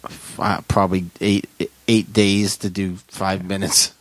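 A man hosting a podcast in casual chat, laid-back and quick to laugh. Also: low voice, level tone, fairly bright tone. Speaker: podcast host.

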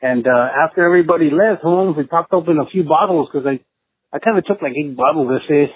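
A laid-back man leaves a voicemail and chats in slang, tacking "eh" onto his sentences. His fairly high voice is husky. It comes through a tinny phone line. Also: quick pace. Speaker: voicemail caller. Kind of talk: casual voicemail story.

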